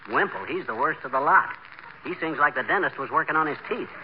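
A man's voice: fairly high pitch, expressive, fast talker, lightly acted. A man playing a brash, boastful small-town husband in a 1940s radio comedy, full of folksy slang. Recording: old lo-fi radio broadcast with noise.

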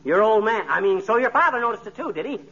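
An excitable, boastful husband on old radio, bright and high-pitched. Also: male voice, fast talker. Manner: blustering, excitable, folksy. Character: blustering, boastful, suspicious middle-aged husband. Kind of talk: 1940s radio comedy acting. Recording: dull lo-fi old radio recording with faint hiss.

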